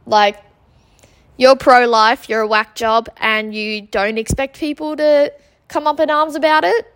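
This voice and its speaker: A woman's voice: fairly high pitch, steady tone, a little slow, a bit bright. A young woman, hosting a solo podcast and retelling an argument in an exasperated, chatty way with lots of ums and likes. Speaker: podcast host.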